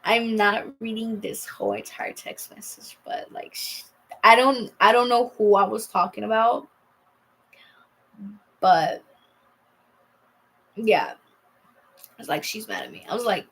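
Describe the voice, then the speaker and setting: Young woman, vlogger; slow, fry-heavy delivery, halting and rambling. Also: medium pitch, fairly bright tone, rough recording. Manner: rambling, halting, reads out texts. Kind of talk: casual personal storytelling.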